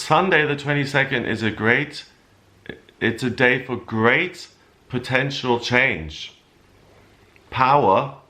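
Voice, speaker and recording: Low-voiced man reading weekly horoscopes. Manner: explains calmly with loose, rambling asides. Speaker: astrologer giving a weekly horoscope. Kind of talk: casual spoken forecast.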